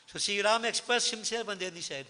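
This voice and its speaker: A man's voice: high voice, a little fast, noisy background. A man giving an earnest devotional discourse, explaining scripture verses and repeating key phrases. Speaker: spiritual speaker. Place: hall at a religious celebration. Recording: long reverb of a hall.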